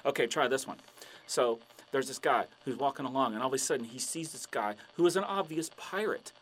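A man's voice: medium pitch, brisk, a bit bright, a little hiss or hum. A man telling jokes and long shaggy-dog stories in a playful storytelling way. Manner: playful storytelling, acting out voices. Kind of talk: joke telling.

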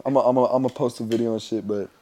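A man's voice: mid-range voice, fairly even intonation, very fast, crowd noise. A young man co-hosting a podcast, telling stories in a casual chat, laughing often and swearing freely. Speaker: podcast co-host.

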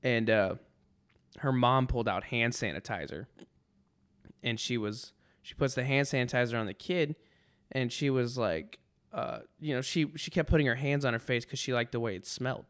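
Guy on his podcast rambling through a story, sarcastic, keeps restarting sentences, smooth clear voice. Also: mid-range voice, moderate pace, a bit bright. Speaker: podcast host. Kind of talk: casual storytelling monologue.

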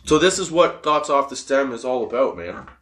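A man's voice: medium pitch, very animated, normal speed, a bit bright. A young man hosting a podcast, talking casually and rambling, swearing a lot and laughing often. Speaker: podcast host. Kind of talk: casual stoner monologue.

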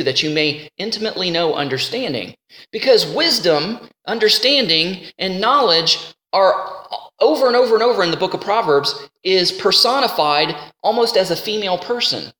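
A man teaching a sermon in a conversational, animated way, slowing down to read scripture. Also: high voice. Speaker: Bible teacher. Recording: roomy hall with long reverb.

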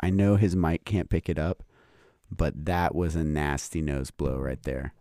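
Deep-voiced man, easygoing podcast guest. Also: steady tone, unhurried, dark tone, dry recording, studio quality. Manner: easygoing, laughs often. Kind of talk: casual podcast chat.

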